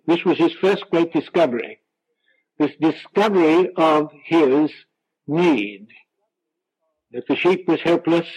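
Slow, emphatic male preacher on radio. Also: fairly high pitch, darkish tone, poor audio. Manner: slow, emphatic preaching with drawn-out scripture quotes. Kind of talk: sermon.

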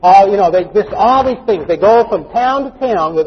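A man's voice: high voice, animated, normal speed, few pauses, husky. A male pastor preaching a folksy, joking sermon full of anecdotes, recorded in a dull, echoey church hall. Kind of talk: storytelling sermon.

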